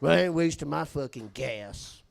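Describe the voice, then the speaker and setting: A man voicing a dim, foul-mouthed redneck coworker who complains nonstop in a loud, griping drawl. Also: a little high, lively intonation, moderate pace, gravelly, a crowd in the background. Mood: indignant.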